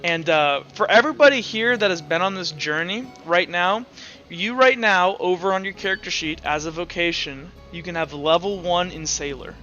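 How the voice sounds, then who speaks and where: A male game master narrating a tabletop game in a casual, halting way. His voice is bright and slightly high. The recording is a bit dull, with faint music behind. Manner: casual, filler-heavy narration.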